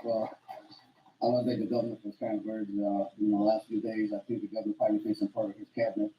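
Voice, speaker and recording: Low-voiced man speaking from afar. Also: flat delivery, fast, dull audio. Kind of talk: speech at a public event. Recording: distant echoey room recording with faint noise.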